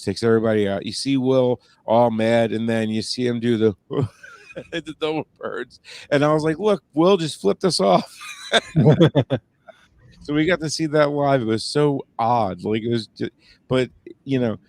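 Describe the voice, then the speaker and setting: A male podcast co-host tells stories in casual chat, rambling with many fillers and restarts. His voice is medium-pitched with a darkish tone, and the recording is dry.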